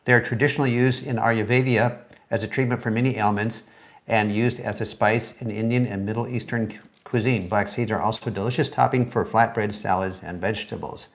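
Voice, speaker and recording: A middle-aged man co-hosting a casual live chat, reading a product label in a plain, slightly halting way. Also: lowish voice, steady tone. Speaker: co-host.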